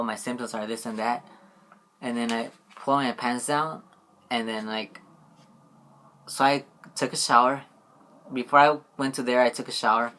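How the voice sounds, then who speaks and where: A man's voice: medium pitch, fairly bright tone. A young man telling a story in a casual vlog, rambling and filling his talk with "like" and "you know what I mean". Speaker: vlogger.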